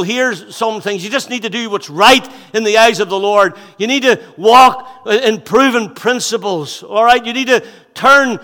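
A man's voice: sits high, big-room sound. Fervent man in his sixties preaching. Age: 60s. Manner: fervent, repeats phrases, swings from loud exhortation to hushed intensity. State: out of breath. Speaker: pastor. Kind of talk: sermon. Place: church hall.

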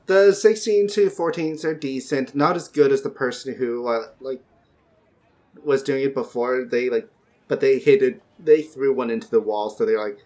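A man's voice: mid-range voice, moderate pace, a little mellow. A man narrating as game master of a tabletop game, rambling and joking with frequent fillers.

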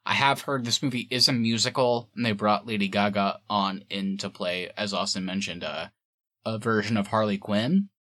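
A man hosting a podcast in casual chat, animated and quick to laugh. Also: lowish voice, no echo, studio quality. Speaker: podcast host.

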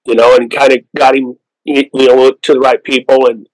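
A man's voice: mid-range voice, flat delivery, moderate pace, a little mellow, no room sound, low-quality recording. A man from Oklahoma, a waterfowl outfitter and guest, telling stories in an easygoing way and laughing often. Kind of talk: casual interview chat.

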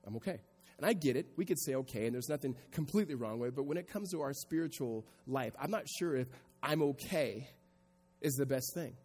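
A male pastor preaching a sermon to a congregation, moving from quiet reflection into loud, emphatic passages. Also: medium pitch, animated, a little fast, long reverb tail. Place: church hall with congregation.

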